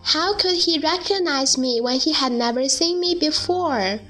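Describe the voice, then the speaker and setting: A woman's voice: high voice, expressive, unhurried, fairly bright tone, faint music behind, voice pushed up. A woman reading a storybook, voicing a timid, polite little boy prince in a raised, earnest voice. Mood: wondering.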